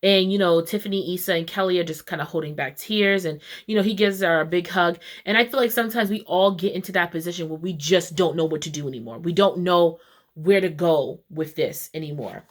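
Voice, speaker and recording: A woman casually recapping a TV episode, acting out the characters' lines with quick shifts in voice. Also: lowish voice. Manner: animated, switching voices for quoted characters. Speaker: TV recap vlogger.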